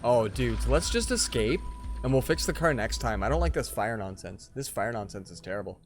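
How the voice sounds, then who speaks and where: A man's voice: mid-range voice, animated, moderate pace, soft background music. A man streaming a strategy game live, chatting casually with viewers and telling rambling stories.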